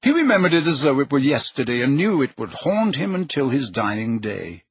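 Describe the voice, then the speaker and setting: Husky male audiobook narrator. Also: medium pitch, very animated, moderate pace, no room sound, muffled recording. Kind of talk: scripted narration.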